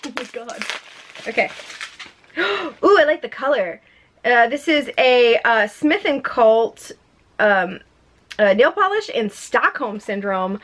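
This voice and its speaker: Chatty excitable woman unboxing makeup. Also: a little high, a little slow. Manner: chatty, excitable, self-mocking, with frequent laughs. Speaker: beauty vlogger. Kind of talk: casual unboxing vlog. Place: home room with a ring light.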